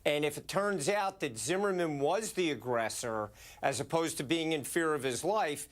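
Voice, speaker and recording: Man, lawyer guest, measured analytical tone, slightly high voice. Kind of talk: legal commentary.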